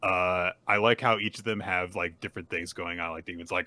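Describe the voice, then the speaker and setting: A man's voice: deep voice, fairly even intonation, brisk, few pauses, pushed and bright, dry recording. A man co-hosting a podcast, casually recapping manga and acting out the characters' lines with laughs. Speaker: podcast co-host.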